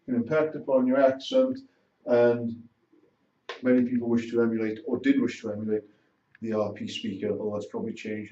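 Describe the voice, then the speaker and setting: Man, lecturer, recorded lesson summary, measured phrasing, muffled lo-fi sound, off-mic. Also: medium pitch, warm tone. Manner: measured, broken into short phrases. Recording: roomy, distant, dull sound.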